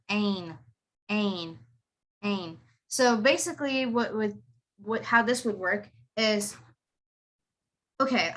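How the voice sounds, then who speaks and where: Over a video call, a woman teaches an online accent lesson in a bright voice that sits a little high. She repeats each word several times and has her students echo it back.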